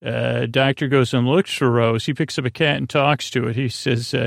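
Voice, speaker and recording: A man hosting a sleep podcast, recapping an episode in a halting way, with many fillers and restarts as he quotes dialogue. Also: mid-range voice, creaky, dry recording, studio quality. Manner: retells dialogue in a flat quoting voice. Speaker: podcast host.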